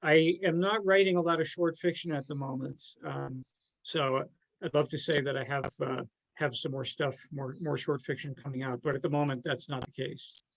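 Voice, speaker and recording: A man's voice: fairly high pitch, steady tone, normal speed, vocal fry, rough recording. A man guest, a writer, talking hesitantly with many fillers. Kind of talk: casual round-table chat.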